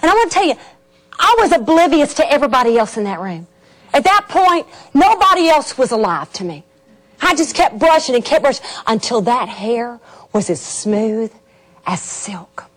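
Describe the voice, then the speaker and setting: A middle-aged woman telling a personal faith story to an audience, animated and laughing, acting out the scenes. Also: on the high side, normal speed. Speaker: speaker.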